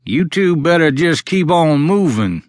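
A male narrator voicing a gruff old rural man with a raspy voice, threatening and barking orders at strangers on his land. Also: fairly high pitch, expressive, unhurried, no room sound, studio quality, pitched above the performer's own voice.

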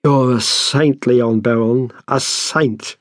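A man's voice: mid-range voice, steady tone, slow, no echo, clean studio sound, close to an everyday voice. A man doing a fawning, pleading tenant. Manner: pleading, theatrical.

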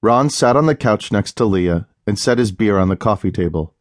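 A man reading an audiobook as narrator, in a steady, even storytelling manner. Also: fairly low pitch, normal speed, no echo, clean studio sound. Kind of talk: scripted narration.

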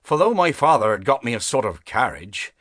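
Man, audiobook narration, measured, animated pitch, dry studio recording. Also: no echo. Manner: measured, expressive storytelling. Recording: dry close studio sound.

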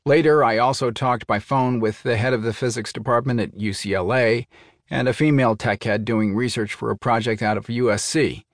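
A man narrating a first-person thriller audiobook in a measured, even storytelling manner. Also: mid-range voice, no room sound, studio quality.

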